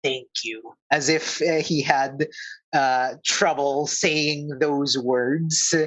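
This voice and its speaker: A man's voice: a little high, fairly even intonation, very slow, a bit bright, rough recording. A man narrating as game master of a tabletop game, hesitant and full of fillers. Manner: hesitant, many fillers and restarts.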